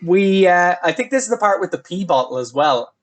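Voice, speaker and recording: A man hosting a casual film review podcast, talking in an animated way. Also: high voice, fairly quick. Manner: animated, acts out scenes. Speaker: podcast host.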